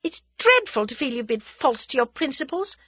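A woman reading an audiobook, voicing a spirited young woman who exclaims and scolds herself in a high, emotional voice. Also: big pitch swings, moderate pace, fairly bright tone, dry recording. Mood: self-scolding.

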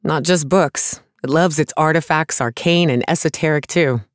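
A man's voice: on the high side, normal speed, no echo, clean studio sound, voice pushed up, natural voice. A male narrator voicing a small, brusque, sarcastic woman artificer who talks bluntly and impatiently. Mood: wry.

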